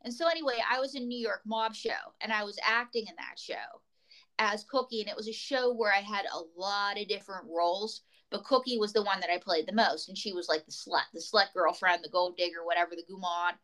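A woman comedian, appearing as a guest in a casual chat, tells rambling stories full of tangents. Her medium-pitched voice is a little fast with a fairly bright tone, and the recording is rough.

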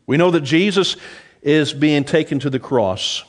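A middle-aged man preaching a sermon, lively in delivery, dropping low and soft when quoting scripture. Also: a little slow. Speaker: pastor.

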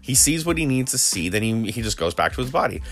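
A man casually recapping a TV episode, rambling with frequent restarts and quick quoted lines. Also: mid-range voice, big pitch swings, a bit bright, soft background music. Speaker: video creator recapping a TV episode.

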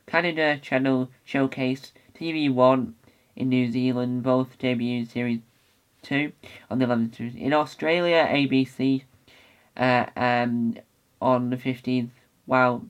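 A young male podcast host talking on his own in an easy, unscripted way. He rambles eagerly, stumbling over restarts and filler words, with a voice of ordinary middle pitch. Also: clean tone, dull audio. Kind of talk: casual solo podcast talk.

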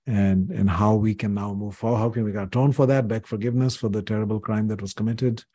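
Low, mellow earnest older man. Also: steady tone, fairly quick, dry recording, studio quality. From India. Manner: earnest, storytelling, frequent "you know". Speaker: podcast guest, author. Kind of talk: reflective interview conversation.

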